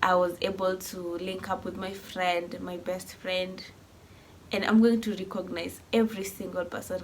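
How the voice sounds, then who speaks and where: A woman's voice: lowish voice, flat delivery, normal speed. Emotional young woman. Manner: heartfelt, rambling with restarts. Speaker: vlogger. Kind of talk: emotional personal vlog.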